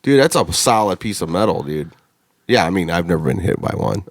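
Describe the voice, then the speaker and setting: A man's voice: low-pitched, expressive, brisk, no echo, clean studio sound. A man hosting a podcast in casual chat, talking loosely and crudely with plenty of swearing. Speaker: podcast host.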